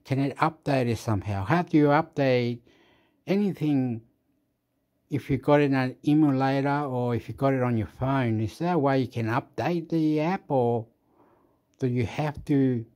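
A man's voice: normal speed, a little mellow. A man, the host, talking in a rambling casual monologue, jumping between topics with fillers, laughs and sound effects. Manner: makes sound effects like boop and boom.

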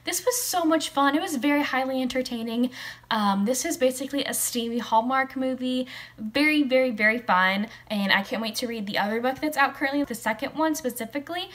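A woman's voice: high voice, fairly quick, a bit bright. A woman in her early twenties from the southern US with a light urban Southern accent, chatting casually as a book vlogger, giggling often and filling her talk with "like" and "you know". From southern United States. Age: early 20s. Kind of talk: casual chat.

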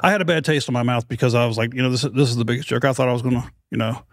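A man's voice: medium pitch, very fast, no room sound, clean studio sound. A middle-aged American man, a podcast host being interviewed, telling a rambling, self-deprecating story and acting out the voices of others. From United States.

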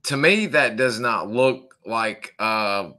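Male interviewer, lowish pitch, tense bright tone, halting delivery. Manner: halting, many restarts and fillers. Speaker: podcast host.

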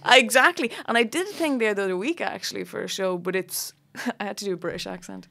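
A young woman chats as a podcast guest, making fun of herself and laughing easily. Her voice sits at a middle pitch and sounds bright and forceful. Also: quick pace, vocal fry. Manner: chatty, self-deprecating, laughing. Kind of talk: casual chat.

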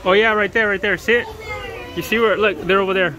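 Speaking fast with a steady, medium-pitched tone, a parent films a family vlog at an outdoor zoo. The narration is casual, mixing playful encouragement for a child with remarks to viewers, over the noise of crowds.

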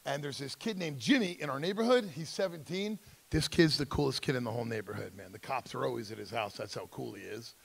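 At a school drug seminar, a middle-aged man tells his life story with emphatic intensity, acting out the voices of people in it. His mid-range voice is fast, with vocal fry and a breathy edge.

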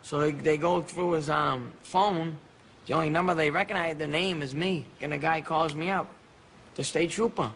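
Casual, halting male interviewee. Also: a little high, steady tone, a bit bright, a little hiss or hum. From Massachusetts. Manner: casual storytelling, halting restarts. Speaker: former boxer, interviewee. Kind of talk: interview recollection. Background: music.

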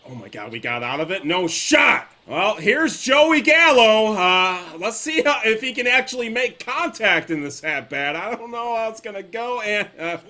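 A young man commentating his own video game play, excitable and cursing, swinging from loud outbursts to low muttering. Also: normal speed, hardly any pauses. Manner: excitable, swears often, swings from yelling to muttering. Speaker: gaming YouTuber. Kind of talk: live gameplay commentary.

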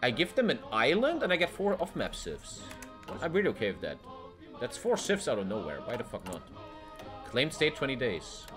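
Excitable swearing male gamer. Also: moderate pace, music in the background. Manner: excitable, swears a lot, swings from loud outbursts to low mutters. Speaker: gaming streamer. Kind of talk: casual gameplay commentary.

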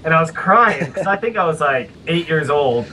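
A man's voice: fairly high pitch, expressive, moderate pace, sharp tone, distant mic, a little hiss or hum, poor audio. A man co-hosting a podcast, telling a childhood story with many hesitations. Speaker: podcast co-host. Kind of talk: casual storytelling over a call.

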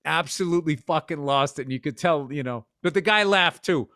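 A man's voice: on the high side, a little fast, sharp tone, dry recording, clean studio sound. A man in his fifties telling profane, rambling stories as a podcast co-host, now and then slipping into voices. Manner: profane storytelling, jumps into voices. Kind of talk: casual chat.

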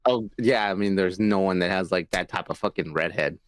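A man's voice: low-pitched, fairly quick, no echo, studio quality. A man co-hosting a podcast, giving short replies and laughing a lot. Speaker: podcast co-host. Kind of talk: casual chat.

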